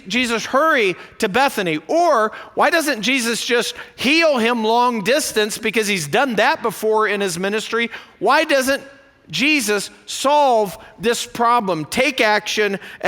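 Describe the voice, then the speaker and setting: A male pastor preaching a sermon in a church, animated and full of rhetorical questions. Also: very high-pitched, in a large hall. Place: church sanctuary.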